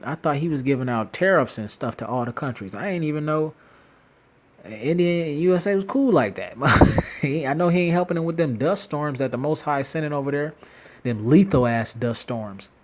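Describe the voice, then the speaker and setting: Guy ranting off the cuff into his phone, slangy, laughs a lot, keeps restarting. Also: medium pitch. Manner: animated, slangy, laughs often, restarts sentences. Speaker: commentator. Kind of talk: casual rambling commentary. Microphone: phone screen-recorder app.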